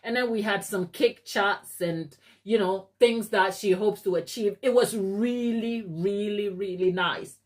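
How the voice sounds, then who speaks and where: A woman's voice: a little slow, hardly any pauses. Chatty woman telling a cake story. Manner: chatty, animated, acts out others' lines in a high voice. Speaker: cake maker and channel host. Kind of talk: casual live-stream storytelling. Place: her home kitchen.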